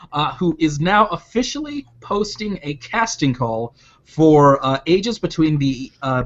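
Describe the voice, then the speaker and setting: A man's voice: on the high side, a bit bright, muffled recording. A man hosting a podcast, reading out news items in a jokey casual way. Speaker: podcast host.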